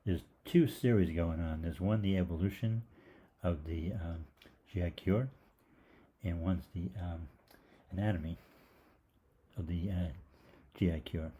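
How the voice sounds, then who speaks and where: A man's voice: low voice, warm tone, a little hiss or hum. An older man, a holistic gastroenterologist, telling a rambling story in a live Q&A, with many fillers. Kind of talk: live Q&A monologue.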